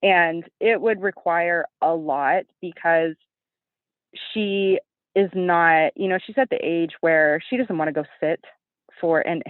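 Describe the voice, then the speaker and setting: A woman in her thirties, a guest on an interview show, telling stories animatedly and acting out quotes in a high voice. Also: takes it slowly, no echo. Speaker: podcast guest, bodybuilding competitor. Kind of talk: casual interview chat. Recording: tinny phone-like line, dry.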